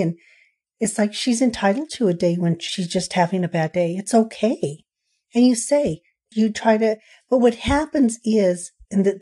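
Earnest woman parenting counselor, mellow voice. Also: medium pitch. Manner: earnest, animated when quoting parents. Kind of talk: conversational interview.

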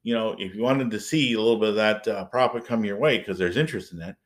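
Low-voiced wry podcast co-host. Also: male voice, fast talker. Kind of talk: casual chat.

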